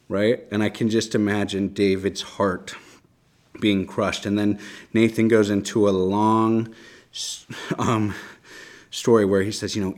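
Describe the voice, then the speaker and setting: A man's voice: low-pitched, fairly even intonation, normal speed. A man teaching a Bible lesson in a casual, conversational way, reading passages aloud and often asking "right?".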